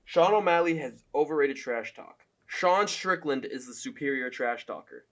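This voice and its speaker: A man's voice: medium pitch, expressive, moderate pace, a bit bright. A young man giving loose, profane opinion commentary as a fan, full of fillers and laughs.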